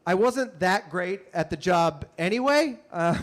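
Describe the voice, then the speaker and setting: A man telling a comic story on stage in an animated, punchy way, with frequent asides to the audience. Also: sits high, unhurried. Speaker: comedian and storyteller. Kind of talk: stand-up storytelling.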